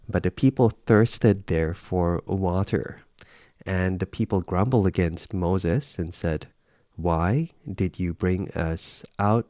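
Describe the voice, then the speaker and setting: A man's voice: sits low, a little mellow, dry recording, clean studio sound. A man reading through a Bible passage and reflecting on it aloud in a casual, thoughtful way, with many fillers and restarts. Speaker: Bible reader.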